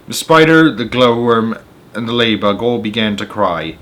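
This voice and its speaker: Male storyteller, animated read-aloud of a children's book. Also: on the low side, normal speed. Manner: animated, expressive reading.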